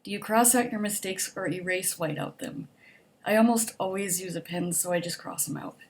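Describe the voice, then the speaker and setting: A woman's voice: medium pitch, normal speed, a little hiss or hum. A young adult woman casually reading survey questions aloud and answering them in a chatty, upbeat way, with lots of "like" and "um". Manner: chatty, upbeat, optimistic, frequent "like" and "um". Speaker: vlogger.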